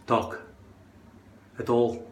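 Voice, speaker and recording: A man's voice: drawn-out words, roomy sound, a little hiss or hum. A man doing a playful put-on Scottish accent, swearing now and then, while casually explaining how to attach a hairpiece in front of a mirror at home. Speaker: hairpiece vlogger.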